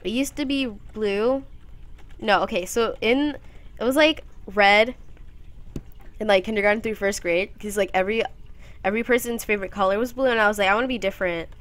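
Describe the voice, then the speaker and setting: A teenage girl giving casual, rambling commentary while playing a game, giggly and playful, often jumping into silly high voices. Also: a little fast, a bit bright. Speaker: gameplay commentator.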